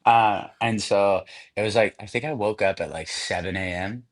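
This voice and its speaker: Deep-voiced man telling stories animatedly. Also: normal speed. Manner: animated storyteller, acts out quotes. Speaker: interview guest, soap actor. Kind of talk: casual interview chat.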